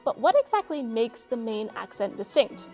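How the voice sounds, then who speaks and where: A woman hosting and narrating a scripted explainer, with a clear, measured delivery. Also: fairly high pitch, sing-song, a little mellow, faint music behind. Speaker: host.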